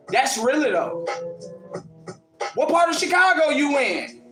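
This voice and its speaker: In Ohio, a man hosting a livestream answers commenters, taunting, mocking, and laughing at one critic in a combative rant. His voice is extremely high and very animated, at a measured pace with frequent pauses. The sound is roomy, with music in the background.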